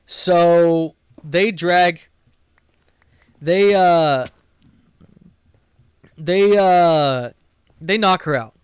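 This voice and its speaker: A man's voice: fairly high pitch, extremely slow, pauses often, smooth, dry recording, studio quality. A man streaming a game while telling a rambling, profane story from the tabletop game he runs, often breaking off mid-sentence. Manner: rambling, profane, self-interrupting. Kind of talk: casual storytelling while gaming.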